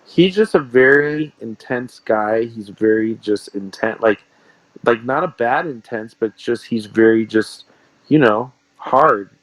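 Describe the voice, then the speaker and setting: A man's voice: mid-range voice, unhurried, no echo, muffled recording. A man, a sports card shop owner, telling rambling stories in a casual interview and repeating himself.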